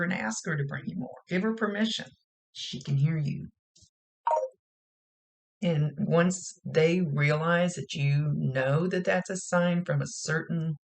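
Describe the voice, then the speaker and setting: Woman psychic medium rambling through a reading, folksy and chatty, gravelly voice with a lot of fry. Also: deep voice. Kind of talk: casual spoken mediumship reading.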